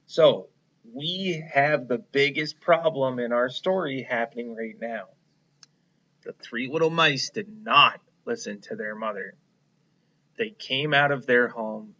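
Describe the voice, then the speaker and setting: A man's voice: mid-range voice, sharp tone, dull audio. A male elementary school teacher reading a picture book aloud and explaining it to young children in a patient, encouraging way.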